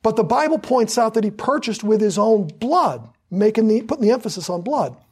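Husky fervent preacher man. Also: high voice, lively intonation. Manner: fervent, hammering repetition, drawn-out emphasis on scripture. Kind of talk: sermon.

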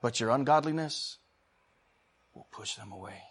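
A man preaching a sermon. He swings between loud, fervent exhortation and quiet, chatty storytelling, and he calls out to the congregation for responses. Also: medium pitch, animated, normal speed.

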